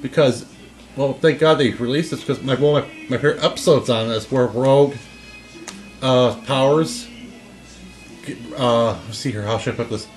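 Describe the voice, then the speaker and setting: A man talking in a relaxed, unscripted chat, often stopping and restarting mid-thought. His voice sits at an ordinary middle pitch. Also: soft background music. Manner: rambling, halting, with restarts. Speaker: co-host. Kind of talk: casual chat.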